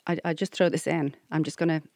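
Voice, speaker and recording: An Irish woman co-hosts a comedy podcast and tells rambling stories, throwing in asides as she goes. Her voice is fairly low for a woman. It is recorded close and dry. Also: steady tone, fast talker, creaky, darkish tone, no echo. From Ireland. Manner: rambling anecdotal storyteller, full of asides. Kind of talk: casual comedic chat.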